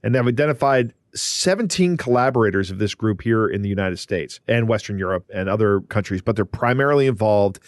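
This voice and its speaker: A man co-hosting a podcast, explaining a story in a relaxed, conversational way. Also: lowish voice, fairly quick, hardly any pauses, dry recording, studio quality. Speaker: podcast co-host. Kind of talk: casual podcast chat.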